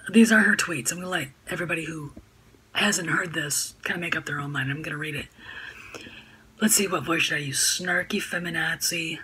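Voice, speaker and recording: A woman's voice: on the low side, bright, forceful tone, husky, poor audio. A woman talking to camera at home in a casual vlog, rambling and indignant, with many fillers and restarts. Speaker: YouTube vlogger. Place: home room by a sunny window.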